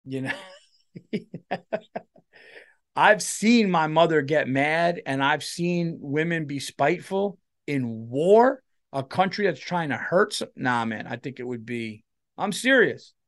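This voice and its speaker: Tired, rambling profane comedian. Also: male voice, a little high, lively intonation, slow pace, no room sound, studio quality. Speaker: comedian and podcast host. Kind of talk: rambling solo comedy podcast.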